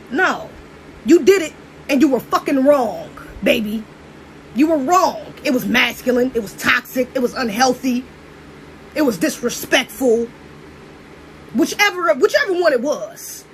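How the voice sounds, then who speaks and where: Young woman ranting casual and blunt, real high voice, swoops up and down a lot, cusses and preaches. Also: animated, a little slow, long pauses, slight background noise. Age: young adult. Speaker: commentator. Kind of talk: casual monologue.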